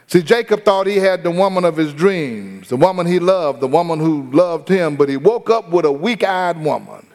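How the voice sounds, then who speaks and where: A man's voice: fairly high pitch, animated, normal speed, a little mellow. Man preaching in an echoey hall. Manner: storytelling, addresses congregation directly. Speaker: pastor. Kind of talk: sermon.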